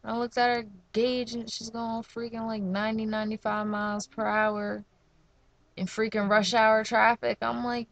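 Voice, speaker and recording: A woman's voice: on the high side, unhurried. A young woman from New Jersey telling slangy, profane stories in a casual vlog rant. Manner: slangy, profane, animated storytelling.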